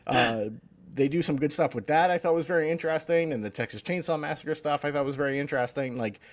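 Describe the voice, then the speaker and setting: A man's voice: on the high side, quick pace. Rambling man chatting about TV. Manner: rambling, jokey, full of restarts and mocking quoted voices. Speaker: podcast co-host. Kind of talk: casual chat about TV.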